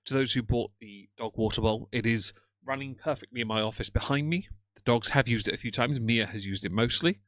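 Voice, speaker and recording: A man's voice: medium pitch, fairly quick, a bit bright, dry recording. Man, livestream host, casual chat, wry teasing, dry room. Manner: chatty, greets viewers, wry teasing. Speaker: livestream host reacting to a video. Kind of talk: casual live-stream chat.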